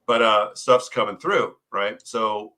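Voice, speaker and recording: A man's voice: fairly low pitch, steady tone, slow pace, sharp tone. A male guest on a podcast explaining his views in an earnest, conversational way, often tagging "right?" onto his points. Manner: earnest, keeps asking "right?". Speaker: podcast guest, paranormal author. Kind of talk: conversational interview.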